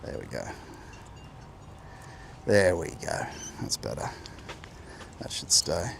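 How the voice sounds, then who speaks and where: This man's low, creaky voice is sing-song and fairly bright, unhurried, with a little hiss or hum. Wearing a clip-on mic, the host films a walking vlog along a beachside coastal path, rambling, musing and interrupting himself mid-thought.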